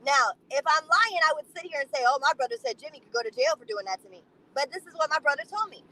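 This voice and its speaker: High-voiced blunt woman vlogger. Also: lively intonation, quick pace, bright, forceful tone, low-quality recording. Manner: blunt and profane, emphatic storytelling. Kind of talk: casual monologue to camera.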